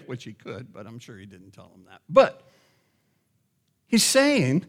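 A middle-aged man preaching a sermon as pastor, asking the congregation questions and rising to loud, emphatic calls. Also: medium pitch, wildly swooping pitch, normal speed, husky.

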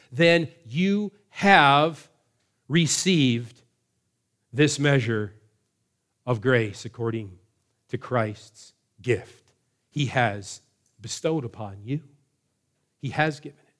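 Man, pastor, sermon, slow measured delivery, emphatic pauses. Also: a little high. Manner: measured preaching, slows for emphasis.

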